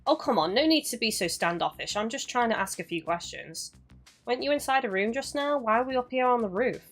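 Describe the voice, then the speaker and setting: A cheeky little mouse detective chats away in a fairly high, easygoing voice, as a woman reads him out. The delivery stays close to a casual read, with a faint music bed behind. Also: animated, fairly quick. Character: cheeky small male electric mouse.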